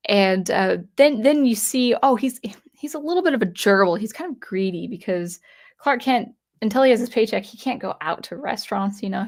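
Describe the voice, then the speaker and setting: A woman giving a casual, unscripted comic book review, retelling the plot in a chatty way with frequent restarts. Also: mid-range voice.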